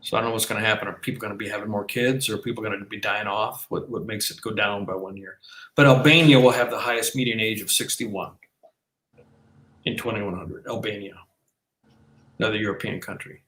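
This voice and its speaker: A man's voice: on the low side, steady tone, a little fast, a bit bright. Rambling man podcasting in an echoey room. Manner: rambling, with frequent restarts and filler. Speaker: podcast co-host. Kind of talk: casual conversational podcast. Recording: roomy echo.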